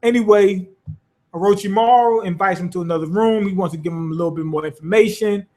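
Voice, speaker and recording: Guy with a high voice riffing on a manga chapter, loose, lots of cussing. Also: fast, darkish tone. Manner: rambling, profane, loose and amused. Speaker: manga reviewer. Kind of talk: casual chapter review.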